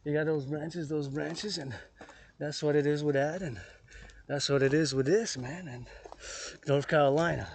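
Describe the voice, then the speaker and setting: A man's voice: a little high, steady tone, moderate pace, gravelly, a little hiss or hum. A man vlogging outdoors on a forested mountain trail, rambling and repeating words and phrases over and over. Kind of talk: rambling vlog monologue.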